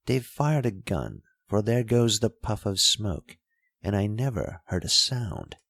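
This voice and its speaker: A man reading a classic short story aloud in a measured, expressive way. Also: fairly low pitch, gravelly, dry recording, clean studio sound. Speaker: narrator.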